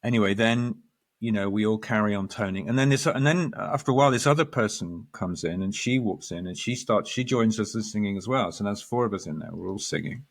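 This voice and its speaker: A man, a guest astrologer, telling a story in lively conversation, acting out quoted lines and restarting his sentences. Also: lowish voice, fairly quick. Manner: animated storyteller, quotes others, restarts often.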